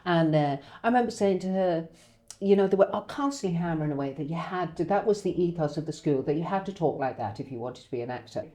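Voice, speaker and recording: A woman's voice: lowish voice, lively intonation, fast talker, mellow. A middle-aged woman co-hosting a casual chat, who tells candid stories, swears freely and acts out the people she quotes. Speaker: co-host.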